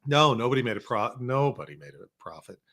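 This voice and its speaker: Guy in a podcast studio spinning funny stories, animated, does little voices for quotes. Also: mid-range voice, a little fast. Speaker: podcast guest, former researcher and filmmaker. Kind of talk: casual storytelling chat.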